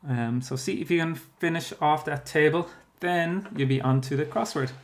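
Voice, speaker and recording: The speaker is a man from Ireland, his voice a little high and his pace normal. As a primary school teacher, he leads a class through a spelling workbook with patient, steady explanation and thinking-aloud fillers.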